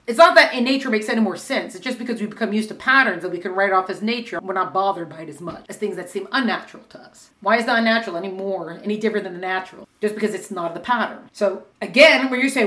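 A woman teaching a class on Jewish mysticism, talking conversationally and acting out questions in lively voices. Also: fairly high pitch, fast, hardly any pauses, roomy sound. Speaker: Torah teacher.

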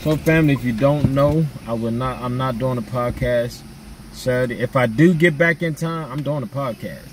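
A man's voice: medium pitch, moderate pace, recorded from a distance, a little hiss or hum. Laid-back man chatting from afar. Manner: laid-back, chatty slang, reads out viewer names. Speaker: vlogger. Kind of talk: casual chat with viewers.

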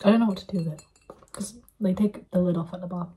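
A young woman chatting casually while eating in a food vlog, sometimes dropping to a soft half-whisper. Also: fairly low pitch, fast talker, husky. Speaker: vlogger.

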